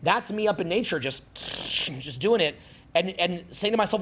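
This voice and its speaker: A man's voice: high-pitched, normal speed, slightly rough. A man in his forties giving a casual, rambling seminar talk, swearing freely and peppering his speech with fillers. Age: 40s. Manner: rambling, profane, animated, filler-heavy. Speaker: seminar speaker.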